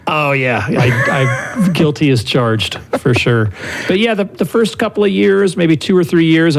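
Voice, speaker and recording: A middle-aged man co-hosting a podcast, telling stories in a relaxed, self-deprecating way. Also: medium pitch, vocal fry. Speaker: podcast co-host. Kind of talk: casual conversation.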